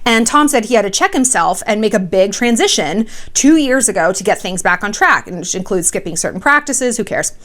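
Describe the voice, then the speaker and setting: A young woman hosts her vlog with celebrity gossip and relationship advice. She talks bluntly and sassily, swears freely, and her voice sits at a middle pitch. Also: lively intonation, a little fast, few pauses, fairly bright tone. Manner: blunt, profane and sassy. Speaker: vlogger host.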